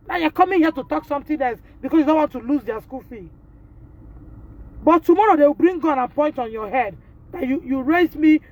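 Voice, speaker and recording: High-voiced, indignant Nigerian woman. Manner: emphatic and indignant, repeating phrases, addressing the school directly. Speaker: mother of a pupil. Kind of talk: impassioned live video appeal.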